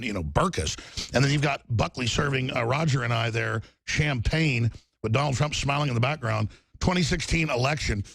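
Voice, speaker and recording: A middle-aged man hosting heated political talk, combative and fast, mocking people with put-on quotes. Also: medium pitch, vocal fry, a bit bright, husky. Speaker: talk show host.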